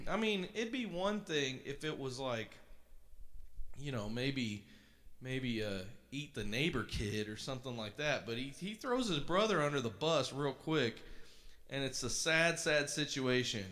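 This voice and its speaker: Middle-aged man, livestream host, casual chat, enthusiastic, rambling, mid-pitched voice. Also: animated, unhurried, fairly bright tone.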